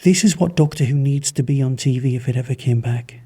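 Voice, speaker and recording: Podcast host from Manchester, male, mellow and husky, chatty rambling review delivery. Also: medium pitch, brisk. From Manchester, England. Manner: rambling, enthusiastic. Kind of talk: casual spoken review.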